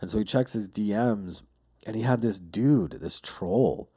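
Male podcast host, loose profane storyteller, low-ish warm tone. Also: measured pace, husky. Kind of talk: casual solo podcast monologue.

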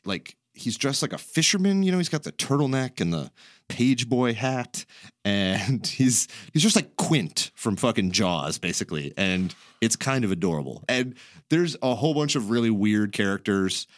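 A man's voice: medium pitch, big pitch swings, normal speed, dry recording. Rambling laughing man, dry close sound. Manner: rambling, laughs often, swears casually. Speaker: podcast host. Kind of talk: casual chat.

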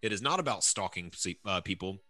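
A man co-hosting a podcast, telling stories about songs in a relaxed way with many fillers. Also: deep voice, a little fast, dry recording, soft background music. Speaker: podcast co-host. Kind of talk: casual chat about songs.

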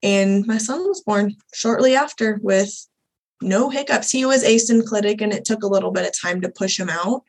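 Young woman doula on a podcast, telling her story, candid and animated, acts out quotes. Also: on the high side, rough recording. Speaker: guest, birth doula. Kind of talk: personal storytelling in a podcast interview.

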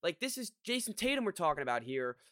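A man talking sports on a podcast, rambling and frustrated, often stopping to restart a thought. His voice is bright and a bit high for a man. The sound is close and dry, with no room in it. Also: very animated, quick pace, no echo. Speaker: podcast co-host. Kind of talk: casual sports chat.

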